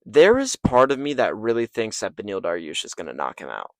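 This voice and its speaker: A man's voice: on the low side, huge pitch swings, a little fast, no room sound. Profane, hyped MMA YouTuber man. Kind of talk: casual fight predictions. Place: parking lot, late at night. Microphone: failing microphone.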